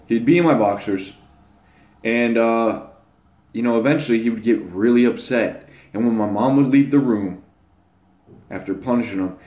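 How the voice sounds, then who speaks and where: A man's voice: on the low side, moderate pace, a little mellow. Blunt young man ranting in echoey room. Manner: blunt, rambling, with crude slang. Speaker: channel host. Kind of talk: casual monologue to camera.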